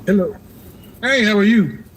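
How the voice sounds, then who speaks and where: Male call-in host, blunt, lecturing, slightly higher voice, cuts people off. Faint background hiss. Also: expressive, normal speed. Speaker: advice show host. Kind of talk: live call-in advice show.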